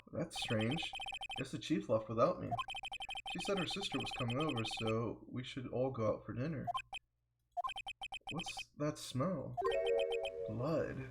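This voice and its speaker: An earnest young defense attorney from a video game, talking in a put-on Southern US drawl, as a man voices him. The pace runs slow and deliberate, and faint music plays behind him. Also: mid-range voice, rough recording. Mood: worried.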